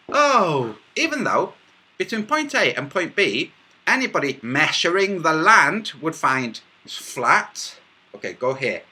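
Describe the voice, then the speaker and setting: A man's voice: on the high side, sing-song, measured pace, bright, forceful tone. A man hosting a livestream, demonstrating with his hands and head while explaining to viewers and mocking his critics from the chat. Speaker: livestream host.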